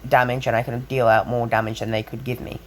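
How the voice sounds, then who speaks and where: An earnest, protective teenage boy hero speaks sincerely, almost pleading, at an ordinary middle pitch, as a man voices him. It sounds like a homemade fan storytelling recording. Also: flat delivery, fast, a little hiss or hum, close to an everyday voice.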